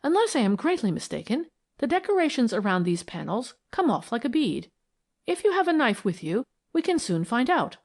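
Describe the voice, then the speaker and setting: A woman voicing an excitable gentleman investigator who speaks with raised, emphatic energy in an audiobook. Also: very high-pitched, moderate pace, pitched above the performer's own voice, exaggerated voice. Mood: triumphant. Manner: excited, rising, emphatic; whispers when wary. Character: eager young gentleman sleuth, excitable.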